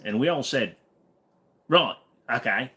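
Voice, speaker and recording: A man's voice: mid-range voice, animated, slow pace, pushed and bright. A man putting on an exaggerated Australian accent, voicing a laid-back joking Aussie bloke. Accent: put-on Australian. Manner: exaggerated jokey impression.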